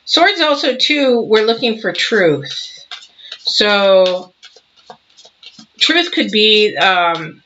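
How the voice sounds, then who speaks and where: Woman, 60s, tarot reader, preachy and animated, slightly muffled home recording. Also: mid-range voice, extremely slow, long pauses, slight background noise. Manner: emphatic, preachy, acts out little scenes. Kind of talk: casual tarot reading monologue.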